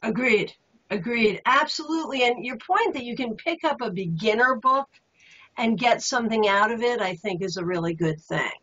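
A woman's voice: a little high, lively intonation, normal speed, a bit bright. A woman hosting a tarot talk show, chatting casually and affirming her guest with enthusiasm. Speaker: host. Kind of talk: casual chat about tarot. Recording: dull lo-fi audio.

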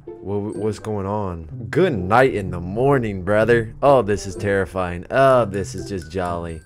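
A young man doing let's play commentary on a horror game, jumpy and excitable, talking to himself and his chat and reading game text aloud. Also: on the low side, a little slow. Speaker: gaming YouTuber. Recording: music playing behind voice. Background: background game music.

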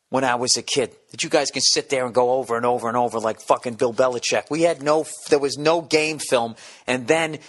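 A middle-aged man hosting a podcast, rambling through a profane comedic monologue full of quick restarts. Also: mid-range voice. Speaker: podcast host.

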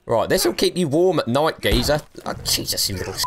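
A young man streams a survival game and talks over it, cheeky and taunting. His pitch leaps around constantly, and he laughs often between his jibes. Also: very animated, brisk, hardly any pauses, noisy background. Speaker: gaming streamer. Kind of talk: let's play commentary.

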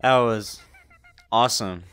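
A man playing VR tag live with viewers, talking over a headset mic and shouting and laughing as he plays. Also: medium pitch, slow pace, clean tone. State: out of breath. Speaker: gaming YouTuber. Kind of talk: live VR gameplay commentary.

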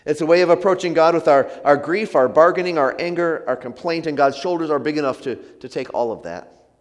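Earnest preacher in a reverberant sanctuary. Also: male voice, fairly high pitch, fairly quick. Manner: earnest, gentle preaching with soft trailing endings. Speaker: pastor. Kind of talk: sermon. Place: church sanctuary.

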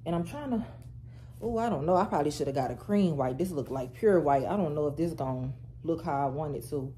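Woman vlogger talking to her phone at home, super chatty, y'all and baby every other line, quiet hiss behind. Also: low voice, brisk. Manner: chatty and animated, keeps addressing viewers as y'all, girl and baby. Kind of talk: casual get-ready-with-me chat to camera.

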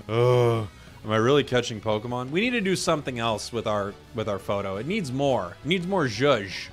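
Dude chatting through his game matches, mid pitch, gets loud and hyped at big plays, faint music under it. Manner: chatty, animated, bursts into loud excitement. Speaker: gaming video host. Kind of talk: casual gameplay commentary.

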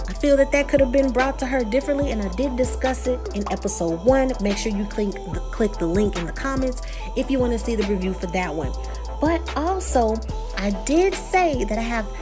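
A woman with a Texas accent recapping and reviewing a reality show, chatty and opinionated, talking straight to her viewers. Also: a little high. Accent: Texan.

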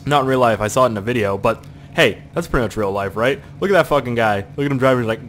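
Young canadian dude chatting over a game, swears a ton, scratchy throat, bit of noise behind. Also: male voice, mid-range voice, fast talker, fairly bright tone. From Canada, Nova Scotia. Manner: rambling, crude, jokey, swears a lot; puts on silly voices for quoted people. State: throat irritated, coughing. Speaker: gaming video host. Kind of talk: casual gameplay commentary.

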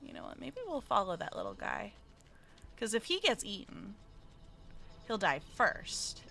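A woman's voice: medium pitch, very animated, a little slow, vocal fry, bright, forceful tone. A woman streaming a live let's play, talking in a cutesy, jittery way and often whimpering that she is scared.

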